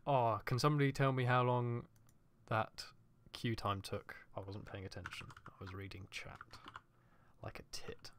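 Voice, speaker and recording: A man's voice: medium pitch, normal speed, fairly bright tone, a little hiss or hum. A man commentating live on his own gameplay, chatting with viewers and swearing freely as he plays. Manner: profane, joking chatter with his chat. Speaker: streamer.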